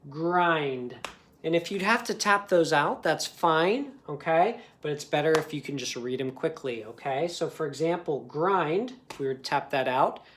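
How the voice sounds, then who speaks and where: A man's voice: fairly high pitch, expressive, fairly bright tone, a little hiss or hum. A man teaching a recorded phonics lesson for young students. He sounds out letters and words carefully and keeps checking in with a patient "okay?". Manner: slow, patient, ends most sentences with a checking "okay?".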